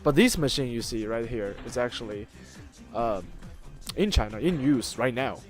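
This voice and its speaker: Soft music plays behind a YouTube host as he chats about internet memes on his own channel, with lots of fillers and restarts. His mid-range voice is expressive, and he talks at a normal speed.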